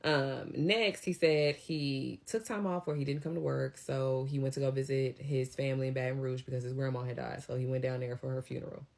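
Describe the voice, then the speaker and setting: A woman's voice: a bass voice, steady tone, a little fast, creaky, hardly any pauses, a little mellow. A young woman casually telling a story, chatty and quoting people as she goes. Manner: chatty, retells scenes with quoted voices.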